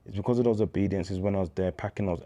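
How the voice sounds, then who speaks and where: A man in his thirties with a Birmingham accent, a guest telling lively, slang-filled stories in a casual interview. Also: low voice, very fast. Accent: Birmingham English. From England. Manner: animated storyteller, slang-heavy, acts out quoted dialogue.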